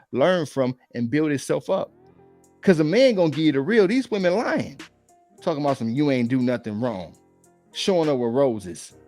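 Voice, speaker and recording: A man's voice: mid-range voice, darkish tone. A man giving casual reaction commentary on dating, blunt and preachy, full of slang.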